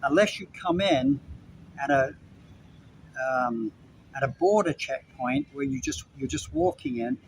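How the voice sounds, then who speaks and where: A man talks to his viewers in a loose, rambling evening rant, circling back over the same points. His voice sits a little higher than most men's. Faint street traffic hums in the background. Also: sing-song, unhurried, gravelly, poor audio. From Britain. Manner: rambling, repeats himself, talks straight to viewers. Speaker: vlogger. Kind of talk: casual evening rant to camera. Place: Puerto Vallarta, Mexico.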